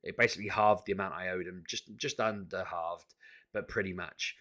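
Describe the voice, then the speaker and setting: A man venting in a casual vlog to camera, exasperated and animated, often restarting his sentences. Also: sits low, fairly quick. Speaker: vlogger.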